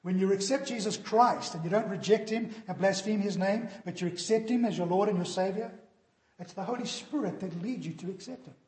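A man's voice: high voice, fairly quick, darkish tone. A man preaching a sermon earnestly, his voice sinking solemn on warnings, in a church hall. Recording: echoey hall.

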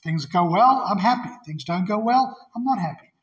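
A man's voice: high-pitched, expressive, moderate pace, fairly bright tone, dull audio. A male pastor preaching an expository sermon in an earnest, emphatic way, often repeating his key phrases.

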